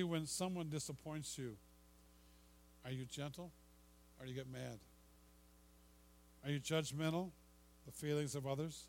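A man's voice: a little high, poor audio. Older male preacher with faint hum. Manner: rhetorical questions, repeats words, drops to soft hush on "gentle whisper". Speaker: pastor. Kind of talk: sermon.

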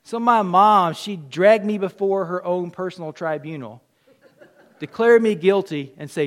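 A middle-aged man delivers a sermon in a fairly high voice, spinning personal stories. He acts out the quoted lines and swings from loud bursts down to a near whisper. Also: a little slow. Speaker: pastor.

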